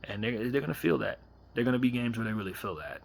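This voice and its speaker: Husky, animated male fan commentator. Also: medium pitch, quick pace. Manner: animated, rhetorical, repeats himself. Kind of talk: casual late-night video commentary.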